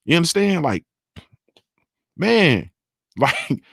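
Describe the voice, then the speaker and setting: A man's voice: a little high, sing-song, extremely slow, gravelly, a bit bright, husky, no room sound, clean studio sound. A man hosting a morning show, ranting about politics in an emphatic, profane way and often asking if listeners understand. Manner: emphatic, profane, keeps asking "you understand what I'm saying?". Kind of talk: unscripted political rant.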